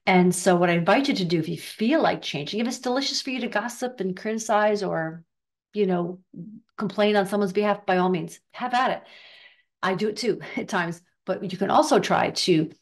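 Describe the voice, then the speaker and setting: An older woman giving a casual spiritual talk, chatty and riffing, acting out bits of gossip in quick voices. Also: medium pitch. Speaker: spiritual teacher.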